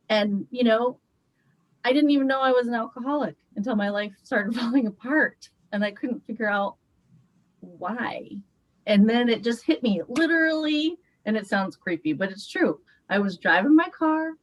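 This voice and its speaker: A woman's voice: medium pitch, fairly bright tone, no room sound, rough recording. A woman in a coaching group, openly sharing a personal story on a group call, laughing often as she talks. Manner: candid and open, laughs often.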